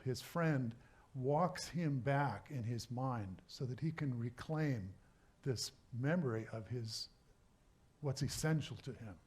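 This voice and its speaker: A man, a minister, giving a sermon talk in a relaxed, conversational way, pausing often and restarting his sentences. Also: mid-range voice. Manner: conversational, halting, with many restarts. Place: church service.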